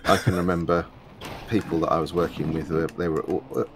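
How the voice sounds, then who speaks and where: A man in casual chat, recalling an office story with pauses and fillers. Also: low voice, flat delivery, slight background noise. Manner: halting, many fillers. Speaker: stream guest.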